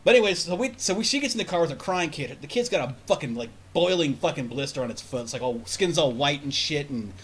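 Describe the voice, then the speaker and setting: A man's voice: on the high side, expressive, fast, hardly any pauses, breathy edge. A man on a casual podcast telling a long, rambling, profane story with many restarts. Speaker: podcast host.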